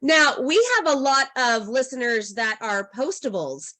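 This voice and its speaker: A woman with a somewhat high voice hosts a podcast interview over a video call. She talks casually and with enthusiasm, reacting eagerly to her guest. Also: lively intonation, measured pace, pushed and bright. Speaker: podcast host.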